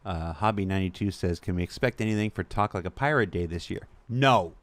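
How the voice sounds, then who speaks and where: Smooth-voiced man reading chat questions. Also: low-pitched, a little fast, no room sound. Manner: chatty, sarcastic asides. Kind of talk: casual chat.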